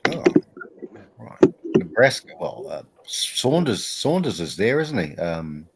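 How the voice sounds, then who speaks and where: Rambling New man, low voice. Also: big pitch swings, takes it slowly, gravelly, background noise. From New Zealand. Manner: rambling, laughs often, many fillers. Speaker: host. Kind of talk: casual online group chat.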